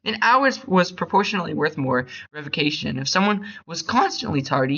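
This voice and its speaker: A young man reading a short story aloud in a bored, hurried way, stumbling over words. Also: on the high side, bright, forceful tone, dull audio. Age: young adult. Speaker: reader.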